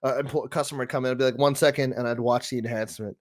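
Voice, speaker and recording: A young man co-hosting a podcast, chatting casually about games, excitable and swearing freely. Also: medium pitch, rapid-fire. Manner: excitable, swears a lot, laughs often. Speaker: podcast co-host. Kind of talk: casual gaming chat.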